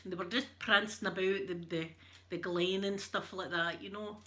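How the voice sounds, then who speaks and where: A woman's voice: mid-range voice, steady tone, moderate pace, fairly bright tone. A middle-aged woman with a Scottish accent chatting casually and joking through an ASMR ironing video, laughing often. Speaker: ASMR creator.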